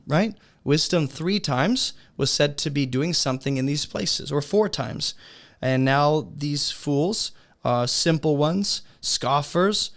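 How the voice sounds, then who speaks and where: A man teaching a beginner's Bible study lesson in a relaxed, conversational way, asking his listeners rhetorical questions. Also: fairly high pitch.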